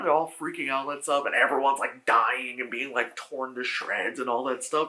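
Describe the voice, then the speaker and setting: Bright rambling guy reviewing a film. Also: fairly even intonation, moderate pace, few pauses. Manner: rambling, full of "like" fillers and swearing; acts out characters' lines in sudden high shouts. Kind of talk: casual spoken movie review.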